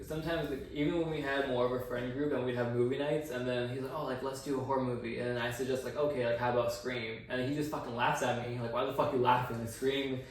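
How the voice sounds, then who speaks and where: A man rants and swears his way through a loose podcast chat. He sits back from the mic in a very echoey room with a faint hiss behind him. His pitch sits at an ordinary middle level. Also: level tone, fast talker, hardly any pauses, distant mic. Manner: profane, ranting, heavy swearing. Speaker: podcast co-host. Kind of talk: casual chat.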